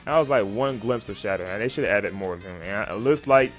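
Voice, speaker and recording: A man casually reviewing a show for his channel, rambling and excited, full of slang and fillers. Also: lowish voice, fast, soft background music. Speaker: YouTube reviewer.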